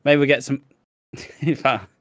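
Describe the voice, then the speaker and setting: A man's voice: medium pitch, a little slow, fairly bright tone, no room sound, clean studio sound. A young man co-hosting a podcast in casual chat, rambling and swearing freely, laughing often and losing his train of thought. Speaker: podcast co-host.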